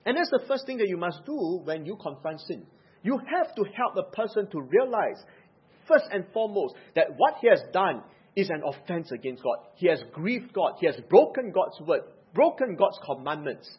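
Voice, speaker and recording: A man preaching a sermon, pressing hard on key words and dropping into quiet asides. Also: sits high, big pitch swings, moderate pace, husky. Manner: emphatic, swings between loud stresses and quiet asides. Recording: dull lo-fi recording.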